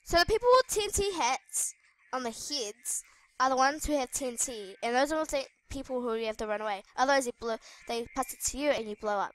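A woman giving live gameplay commentary on her gaming channel, excitable, squealing and shrieking at danger, with chatty asides to viewers. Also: fairly high pitch, a little fast, slight background noise.

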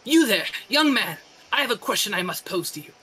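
A let's-play gamer voicing a posh, refined trainer who speaks like an artistic chef, slow and affected. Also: medium pitch, sing-song, pushed and bright, husky, faint music behind, heavily acted, poor audio. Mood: haughty.

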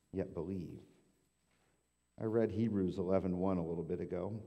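Male pastor, informal sermon, deep dark tone, long sanctuary reverb. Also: gravelly. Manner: informal, repeats words while thinking. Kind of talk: conversational sermon. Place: church sanctuary. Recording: long church hall reverb.

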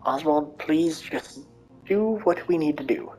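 A woman's voice: low voice, expressive, unhurried, a little mellow, faint music behind, rough recording. A woman voicing a cold, stern aunt who speaks curtly and impatiently.

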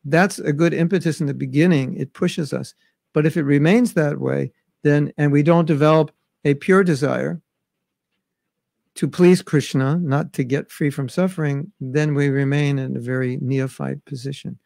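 Male spiritual teacher, slightly high and gravelly, dry recording; relaxed lecture with recited verses. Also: normal speed, dry recording. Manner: conversational, recites verses in Bengali and Sanskrit. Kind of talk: scripture class lecture. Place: recorded at home during travel restrictions.

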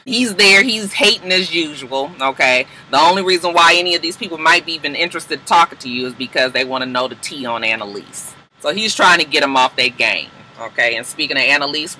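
Sassy high-voiced man recapping a TV drama. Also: slight background noise, rough recording. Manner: sassy, animated retelling with quoted character voices and laughs. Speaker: TV show reviewer. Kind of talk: casual TV episode recap.

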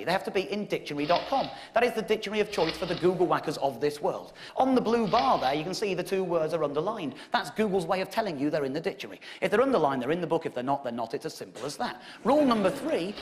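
An English man in his thirties telling a wry comic story on stage, with sudden high emphatic peaks. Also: very animated, quick pace, few pauses, slight background noise. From England. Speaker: comedian. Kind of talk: stand-up storytelling show. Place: theatre stage with audience laughter.

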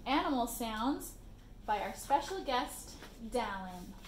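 A woman reading a picture book to children, singing its refrains in a slow, gently playful sing-song voice. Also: a little high, big pitch swings. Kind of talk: sung storybook read-aloud. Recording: roomy echo, faint background hiss.

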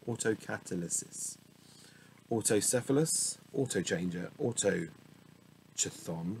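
A man's voice: lowish voice, vocal fry, a little hiss or hum, poor audio. A man reading dictionary entries aloud one after another, muttering and correcting himself with wry asides. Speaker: solo reader of a dictionary. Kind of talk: reading word lists aloud.

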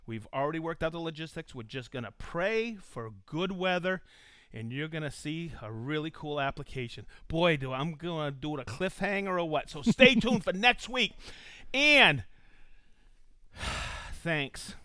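A male host's voice runs on the high side, bright, forceful and clean, with lively intonation at a measured pace and a dry recording. In casual live-stream chat he's upbeat and jokey, reading viewer locations aloud and joking with his crew.

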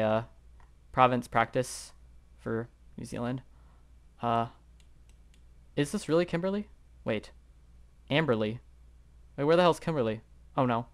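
A man's voice: mid-range voice, clean tone. A young man commenting on his own geography guessing game, rambling and unsure, thinking aloud with lots of fillers. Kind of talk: live gameplay commentary.

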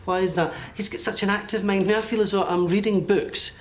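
A man working as a medium, giving a one-to-one reading in halting bursts with frequent checks like "okay?". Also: high-pitched, fairly even intonation. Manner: hesitant, relays messages in bursts with many okays.

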